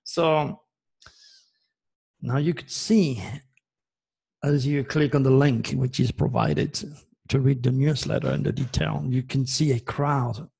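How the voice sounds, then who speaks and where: A man's voice: mid-range voice, fairly even intonation, slow, vocal fry, long pauses, a little mellow, breathy edge. A man from France with a French accent, a native French speaker, giving an emphatic, self-promoting monologue as host and repeating himself. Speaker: astrologer host.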